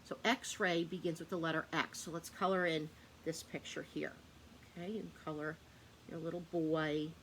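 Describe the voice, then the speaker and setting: A woman's voice: sits low, steady tone, moderate pace, a bit bright, slight background noise. A woman teaching a phonics lesson to young children, patiently sounding out words and answering her own questions. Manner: asks questions and answers them herself.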